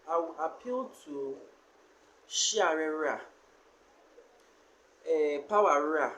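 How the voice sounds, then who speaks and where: A language teacher giving a spoken lesson on pronunciation, explaining slowly and pausing often with fillers. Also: medium pitch, slight background noise, rough recording.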